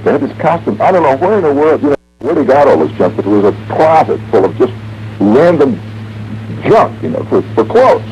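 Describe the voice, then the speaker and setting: Here the forties-aged host from the American Midwest talks at medium pitch with a darkish tone, moving fairly quickly and swinging his pitch widely. His late-night monologue is a long, dry, wandering tale full of humming and mimicked noises, heard through a studio radio mic on a muffled 1970s broadcast with faint hiss.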